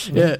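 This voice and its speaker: A man's voice: extremely high pitch, slightly rough, no echo. A man co-hosting a podcast, casually recapping an episode with lots of fillers and swearing. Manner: rambling recap with many "uh"s and profanity. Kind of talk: casual chat.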